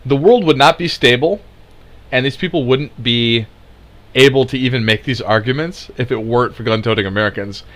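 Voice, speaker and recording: A man's voice: medium pitch, brisk, fairly bright tone. A man delivering an angry political rant, sarcastic and heated, swearing and laughing in scorn. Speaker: commentator.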